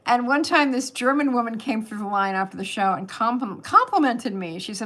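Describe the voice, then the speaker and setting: A woman's voice: a little high, animated, fast talker, few pauses, fairly bright tone. An older woman from California hosting a casual livestream, chatting in a rambling way and laughing often, into a webcam. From California, USA. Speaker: host of a livestream.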